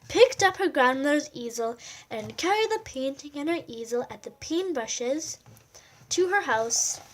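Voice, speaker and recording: A woman reading a picture book aloud in an animated way and adding chatty comments about the pictures. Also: high-pitched, slight background noise. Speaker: storyteller.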